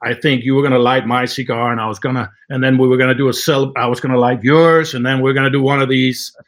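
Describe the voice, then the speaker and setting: A man's voice: medium pitch, fast talker. Playful older man hosting. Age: 60s. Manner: playful, teasing, animated questions. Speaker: host, retired football kicker. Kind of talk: casual conversational interview.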